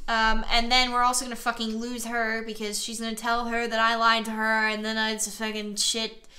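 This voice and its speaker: Bright-voiced frustrated woman gamer. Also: on the high side, completely flat delivery, normal speed, a little hiss or hum. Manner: frustrated, swearing, exasperated. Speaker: gaming streamer. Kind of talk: let's play commentary, reading dialogue aloud.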